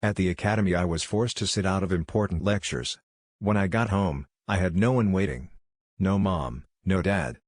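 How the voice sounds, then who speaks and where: A man's voice: low-pitched, moderate pace, no room sound, clean studio sound. A man voicing a brash young male ninja with a blunt, cutting way of talking. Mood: cold.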